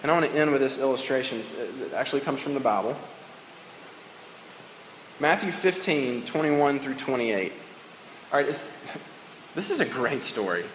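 A man's voice: mid-range voice, expressive, normal speed, long pauses, slight background noise. A man preaching a sermon in a conversational way, acting out the dialogue of the story as he goes. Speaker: pastor. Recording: echoey hall, long reverb.

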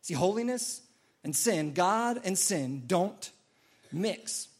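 Male pastor, high voice, earnest sermon delivery, leans on repetition. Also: expressive, slow pace, breathy edge. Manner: earnest, repeats key phrases for emphasis.

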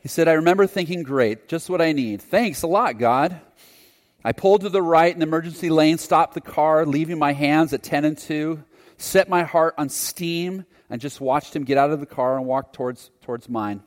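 A man's voice: fairly high pitch, steady tone, a little fast. Earnest male preacher in a reverberant hall. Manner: earnest, reflective storytelling. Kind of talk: sermon testimony storytelling.

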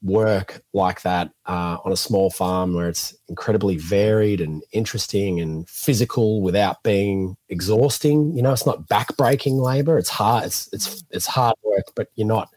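Man, 30s, podcast guest; low, dry, animated storyteller. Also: normal speed, few pauses, no echo. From Australia. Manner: animated storyteller, acts out quotes. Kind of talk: casual storytelling interview.

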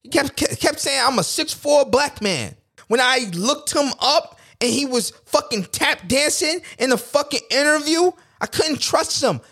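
High-voiced new guy ranting on his podcast, cussing a lot, blunt and rambly. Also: lively intonation, unhurried, hardly any pauses, sharp tone. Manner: profane, blunt, rambling with restarts. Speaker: podcast host. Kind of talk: casual political rant.

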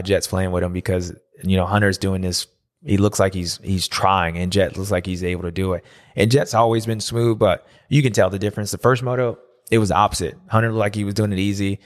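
A man hosting a loose, chatty race recap. His pitch swings a lot, and he often jumps into high, mocking voices to act out what riders said. He talks the way someone who has raced himself talks about it. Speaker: podcast host and former racer. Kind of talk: casual race recap commentary.

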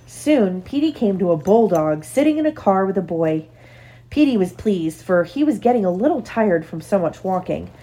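A mother reads a children's picture book aloud to her little one. Her voice is mellow and soft-edged, telling the story gently with easy, casual asides. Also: mid-range voice, very animated, moderate pace, slightly rough. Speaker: parent reading to her child. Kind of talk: bedtime read-aloud.

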